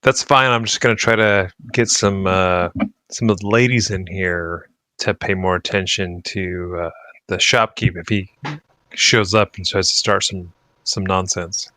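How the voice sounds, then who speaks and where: A man at a tabletop game, low-pitched but bright and forceful in tone. He makes wry, quick remarks in a dry, close sound. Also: steady tone, no room sound. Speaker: player. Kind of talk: casual tabletop play.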